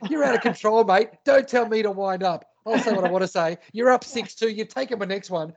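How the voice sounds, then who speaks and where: Aussie guy with a high voice, banter and mock outrage, podcast audio a bit dull. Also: a little fast, creaky. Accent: Australian. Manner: joking, mock-indignant banter. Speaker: podcast co-host. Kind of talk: casual sports chat.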